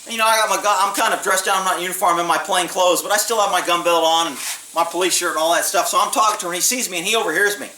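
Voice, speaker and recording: Blunt ex-cop man, bright voice. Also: high-pitched, racing. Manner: blunt, streetwise, swears freely. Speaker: former police officer. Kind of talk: casual storytelling. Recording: echoey room, mic at a distance, faint hiss.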